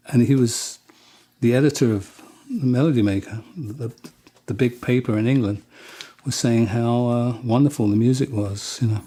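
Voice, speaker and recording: A man being interviewed, telling rambling anecdotes with many restarts and quick acted-out quotes of other people. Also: medium pitch, steady tone, mellow, breathy edge. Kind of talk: casual anecdotal storytelling.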